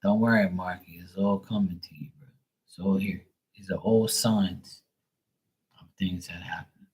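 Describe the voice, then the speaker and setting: A man chatting casually on a tarot livestream, telling stories in a profane, animated way. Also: deep voice, normal speed, poor audio. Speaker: tarot reader.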